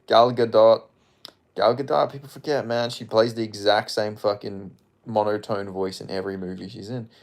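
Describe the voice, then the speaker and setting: In a fairly low voice with fairly even intonation and normal speed, a man rambles through a casual livestream. He reads viewer comments aloud, swearing often and sounding offhand.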